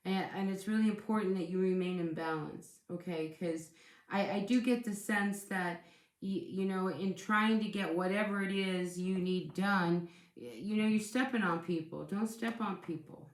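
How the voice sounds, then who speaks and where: A woman's voice: mid-range voice, normal speed, reverberant. A woman giving a casual tarot reading, speaking in a chatty, reassuring way and often repeating herself as she restarts sentences. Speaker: tarot reader.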